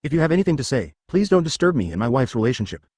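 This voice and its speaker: A man's voice: medium pitch, very animated, racing, darkish tone, slightly rough, no echo, clean studio sound. A man voicing an arrogant, domineering young man who talks impatiently and dismissively in a plain reading voice.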